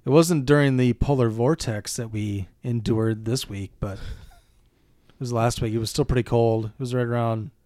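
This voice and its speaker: A man from Minnesota co-hosts a casual movie podcast. He talks at a mid pitch, easygoing and explanatory. His voice is recorded dry and close on a studio mic. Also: moderate pace, dark tone, no echo. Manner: easygoing, explains local details. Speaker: podcast co-host.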